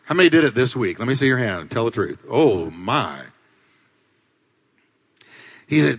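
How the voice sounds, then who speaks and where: Male pastor, dramatic sermon delivery, bright and animated, reverberant sanctuary. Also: a little slow, pauses often, slightly rough. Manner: dramatic preaching, swings between loud climaxes and low asides. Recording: long hall reverb.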